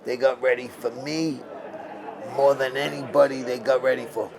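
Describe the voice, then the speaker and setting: A man's voice: mid-range voice, flat delivery, normal speed, creaky. A man in his sixties, a former boxer, talking bluntly and emphatically in an interview and often restarting his phrases. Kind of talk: interview storytelling. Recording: crowd noise around the mic. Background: crowd murmur.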